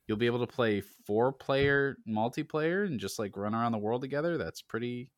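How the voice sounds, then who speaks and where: A man hosting a casual gaming podcast, relaxed and joking, with lots of fillers. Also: medium pitch, normal speed, no room sound, clean studio sound. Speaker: podcast host.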